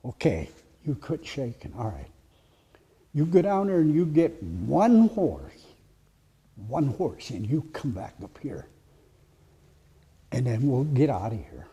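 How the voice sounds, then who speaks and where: Brief: watchful old raider, low and instructive, very dark tone, voiced by a man telling the story. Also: big pitch swings, slow, pauses often, breathy edge, full character voice. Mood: stern. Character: calm, watchful older male horse raider.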